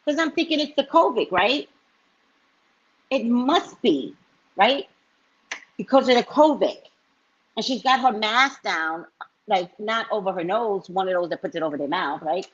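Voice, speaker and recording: A woman psychic reader telling a story to her live-stream viewers in a casual, animated way, often tagging lines with "right?". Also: mid-range voice, unhurried, long pauses, slightly rough. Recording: dull lo-fi stream audio.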